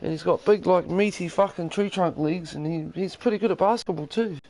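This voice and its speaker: A game streamer with a New Zealand accent chats casually from the lounge at home, rambling, profane and laid-back. His voice is high-pitched, brisk and darkish in tone, and the recording is rough.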